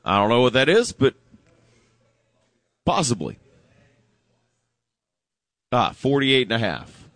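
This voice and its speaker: A man's voice: mid-range voice, sing-song, slow, fairly bright tone, no echo. Wry man co-hosting sports radio. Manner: casual, wry, rambling asides. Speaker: radio co-host.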